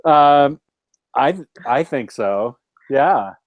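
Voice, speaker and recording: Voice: mid-range voice, lively intonation, extremely slow, narrow, tinny audio. A podcast co-host in casual chat who asks questions and laughs along.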